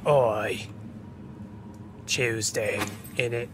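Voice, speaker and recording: A loud, teasing mock-British bloke, as a man puts him on, tacking tags onto everything at an unhurried pace. Game music plays clearly behind him. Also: medium pitch, steady tone, voice pushed down. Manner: jokey, loud put-on accent.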